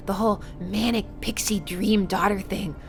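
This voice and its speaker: A woman's voice: medium pitch, steady tone, moderate pace, music in the background. A woman co-hosting a let's play, chatting in a playful, mock-boastful way. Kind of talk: casual chat.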